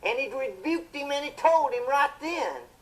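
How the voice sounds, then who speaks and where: An actor playing a fiery male television preacher, delivering a sermon in a booming, impassioned style with drawn-out emphatic phrases. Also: expressive, a bit bright, poor audio.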